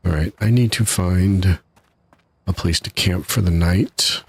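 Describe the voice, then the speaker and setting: A man's voice: low-pitched, unhurried, creaky, slightly rough. A man casually commenting while he streams a game live, chatty and laughing at his own troubles from his home setup. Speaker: gaming streamer.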